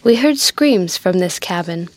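A woman's voice: fairly low pitch, animated, a little slow, no room sound. A woman reading the part of an eager, earnest young ship's mate who speaks in a reassuring way.

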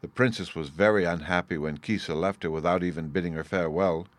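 Deep-voiced male storyteller. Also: dry recording. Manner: measured, expressive. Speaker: narrator. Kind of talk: storybook reading.

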